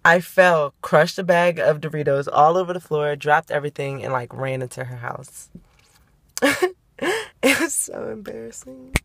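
A woman's voice: low-pitched, lively intonation, normal speed, creaky, a bit bright. A young woman, chatting and telling stories in a casual vlog, often giggling, partly filmed in a car on a phone camera. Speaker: vlogger. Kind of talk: casual vlog chat and storytelling.

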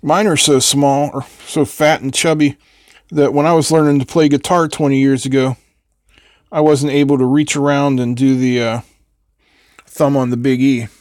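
An older man with a medium, fairly flat pitch and a darkish tone speaks at normal speed with no echo. He's hosting a live electronics build stream, chatting casually and rambling as he answers viewers between soldering steps.

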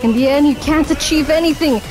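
A man's voice: very high-pitched, brisk, over music, rough recording. An actor playing a ruthless middle-aged male fighter in a video game cutscene, cold, menacing and contemptuous.

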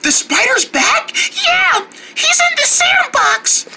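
Scared cartoon little sister voiced by a woman: shrill, very high, bright squeal. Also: very animated, takes it slowly, vocal fry, slight background noise, exaggerated voice. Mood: frightened. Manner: squealing, frightened, high-pitched. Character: timid little cartoon girl who fears spiders. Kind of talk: children's cartoon voice acting.

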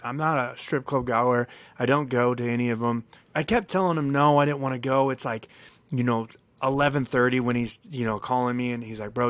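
A man co-hosting a podcast, telling a long story in a casual, animated way, cursing freely and acting out what people said. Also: mid-range voice, no echo. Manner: animated, profane, acts out quoted dialogue. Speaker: podcast co-host.

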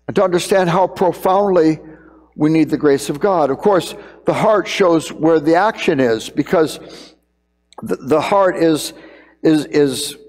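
A man's voice: fairly high pitch, a little mellow, big-room sound. An older man preaching a sermon in a conversational way, often repeating words as he thinks.

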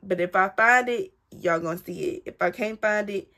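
A woman's voice: medium pitch, moderate pace. A woman telling a personal story in a casual, dramatic way, talking straight to her viewers. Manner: animated, dramatic retelling addressed straight to viewers. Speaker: storyteller vlogger.

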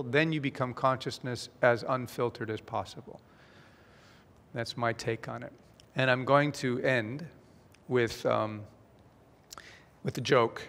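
Man, conference speaker, playful storyteller, mid pitch, hall reverb. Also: a bit bright. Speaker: speaker presenting his book. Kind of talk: conference talk with a joke.

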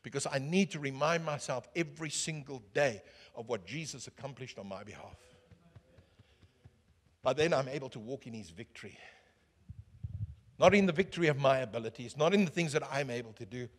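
A man preaching a sermon as pastor, swinging from booming calls to hushed asides and asking the crowd questions. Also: expressive, a little fast, pauses often. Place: church hall. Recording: echoey church hall.

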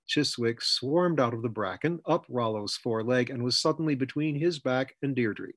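A man narrating his own fantasy story in a measured reading voice. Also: mid-range voice, fairly bright tone, dry recording. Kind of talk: scripted narration.

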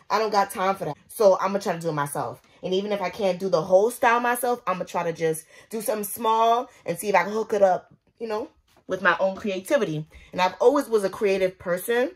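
Chatty, slangy young woman with a husky voice. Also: mid-range voice. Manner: chatty, slangy, talks to viewers directly. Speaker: beauty vlogger. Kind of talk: casual chat while doing her hair. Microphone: phone propped up nearby.

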